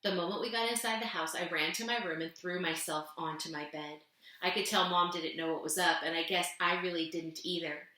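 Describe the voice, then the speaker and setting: Bright-voiced woman reading a story in an echoey room. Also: fairly even intonation, fairly quick. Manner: gentle storytelling, voicing characters with raised pitch. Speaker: teacher reading aloud. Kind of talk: reading a children's novel aloud.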